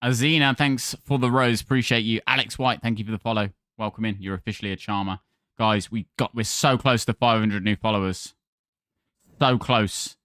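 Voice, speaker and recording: A man's voice: lowish voice, steady tone, normal speed, a bit bright, no room sound, clean studio sound. A man hosting a gaming livestream, chatting casually and thanking viewers by name.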